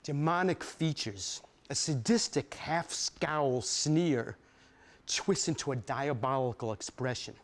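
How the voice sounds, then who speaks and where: A man's voice: medium pitch, takes it slowly. A man giving a dramatic first-person story reading, vivid and streetwise, peppered with "man" and profanity. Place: studio stage reading.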